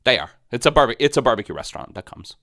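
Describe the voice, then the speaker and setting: A man's voice: medium pitch, very animated, fast talker, bright, forceful tone. A middle-aged man co-hosting a casual podcast chat, joking and rambling with plenty of fillers. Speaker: co-host.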